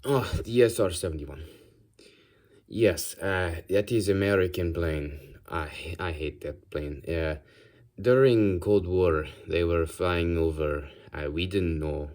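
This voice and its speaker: Gruff male henchman in a mock Russian accent with a slight French tinge, put on by a man. He speaks in a deep, low voice and halting, broken English. He grumbles as he talks. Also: a little mellow. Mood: grumbling.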